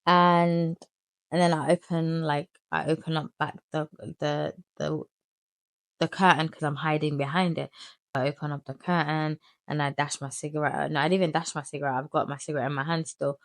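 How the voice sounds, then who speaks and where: A young woman telling her life story in a candid, animated vlog, full of slang and crude asides. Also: sits low, moderate pace, no echo, clean studio sound. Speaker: vlogger.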